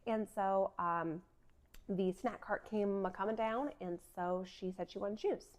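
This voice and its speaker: Woman in her thirties, chatty vlogger, relaxed storytelling with lots of "like"s, medium pitch. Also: measured pace. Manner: chatty, many filler "like"s, laughs often. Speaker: vlogger sharing a faith story. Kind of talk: casual personal storytelling.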